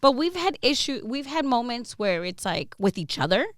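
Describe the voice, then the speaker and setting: A woman's voice: a little high, moderate pace, no echo, studio quality. A woman radio host as a podcast guest, telling stories with laughs and acted-out quotes. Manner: animated, laughing, acts out quotes. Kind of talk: casual storytelling interview.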